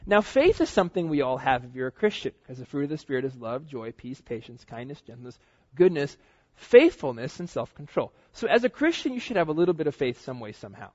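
A man preaching a sermon, telling personal stories in a casual, slangy, animated way. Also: medium pitch, quick pace. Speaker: pastor. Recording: dull lo-fi recording.

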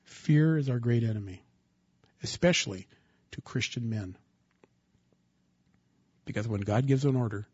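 A man preaching a sermon, asking the congregation rhetorical questions and rising into loud bursts of emphasis. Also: mid-range voice, expressive, moderate pace, pauses often, slightly rough, no echo, muffled recording. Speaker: pastor.

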